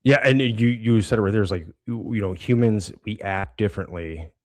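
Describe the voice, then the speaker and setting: Podcast co-host, man, very low voice, casual and stumbling, dry studio sound. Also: no room sound. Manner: halting, many restarts and fillers. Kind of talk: casual conversational explanation.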